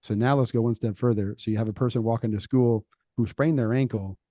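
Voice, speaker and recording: A middle-aged man on a faith podcast, talking casually and telling stories with lively acted-out quotes. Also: mid-range voice, fairly quick, no echo. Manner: animated storytelling, acts out quoted voices. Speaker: podcast co-host.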